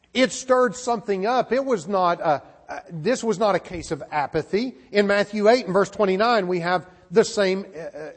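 A man with a notably high voice delivering an earnest sermon, stumbling over and repeating words as he goes. His voice rings out with a long hall reverb behind it. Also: breathy edge. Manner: earnest, frequent word repeats and restarts. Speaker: preacher.

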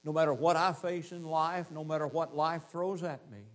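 Guy preaching a sermon, hammers points with repeated lines, kinda high pitched. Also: steady tone. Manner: emphatic, slowing down to stress key phrases; repeats points in rhetorical lists.

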